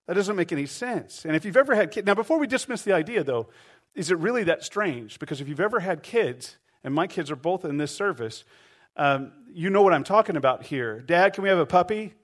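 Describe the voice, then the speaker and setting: A man's voice: a little high, lively intonation, a little fast. A middle-aged man preaching a sermon, telling a story animatedly and acting out the voices of the people in it. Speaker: pastor.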